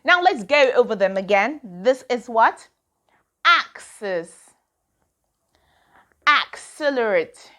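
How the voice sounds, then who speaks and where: A woman's voice: a little high, animated, slow, pauses often, sharp tone. A woman teaching a pronunciation lesson to children. She drills words one at a time and asks and answers her own questions.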